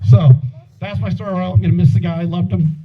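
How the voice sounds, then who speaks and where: A man's voice: high-pitched, fairly even intonation, quick pace. A man in his forties giving an informal, joking eulogy full of profanity and restarts, outdoors at a backyard gathering. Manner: joking, profane, repeats words. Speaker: eulogy speaker. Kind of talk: informal eulogy with funny stories. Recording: tinny phone-like sound with faint noise.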